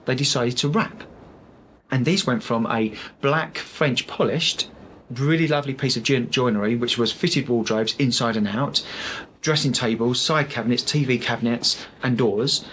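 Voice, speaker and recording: A man's voice: medium pitch, fairly bright tone, a little hiss or hum. A man, a guest on a design podcast, telling long stories with fillers and restarts. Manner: chatty storyteller, many fillers and restarts. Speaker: sales rep for architectural film, podcast guest. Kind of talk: casual podcast interview.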